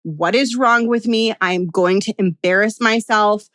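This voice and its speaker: A woman's voice: mid-range voice, fairly bright tone, no room sound, studio quality, natural voice. A woman voicing a panicking inner critic. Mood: spiraling panic. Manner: rushed, self-critical.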